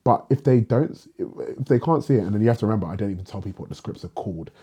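Guest playwright, man, lisp, low and warm, laid-back. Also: rapid-fire, slightly rough. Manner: relaxed, laughs often, slang-heavy. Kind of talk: casual conversation.

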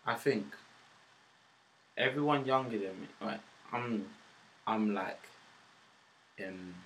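A young man, a guest on a podcast. His voice sits slightly low, and he talks frankly in a laid-back way. His speech is full of slang and fillers, and a faint noise sits under it. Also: slow pace, fairly bright tone, rough recording. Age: 20s. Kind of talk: casual interview chat.

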